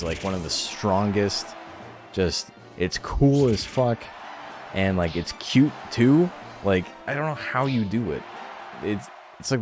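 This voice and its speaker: A man's voice: deep voice, darkish tone. A man streaming a game tournament, chatting casually and rambling in a laid-back way, swearing now and then.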